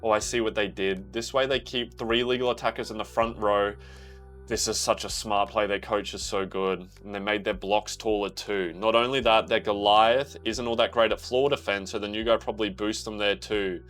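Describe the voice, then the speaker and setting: A young man reacting to a manga, reading panels aloud in a casual, excitable way, swearing freely and bursting into shouts. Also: lowish voice, normal speed, faint music behind. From Australia.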